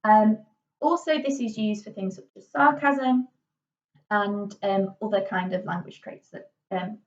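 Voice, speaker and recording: A woman's voice: mid-range voice, measured pace. Brief: young woman drama teacher, casual tutorial patter, recorded a little off-mic and dull. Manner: chatty, many fillers and "okay"s, gestural. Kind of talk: classroom tutorial. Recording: dull, slightly distant lo-fi recording.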